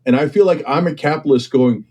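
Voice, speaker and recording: A man's voice: on the high side, fast talker, darkish tone. A man in an impassioned political discussion, talking emphatically and persuasively and often checking in with "okay?" and "right?". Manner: acts out other people's voices when quoting them. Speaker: political commentator and guest.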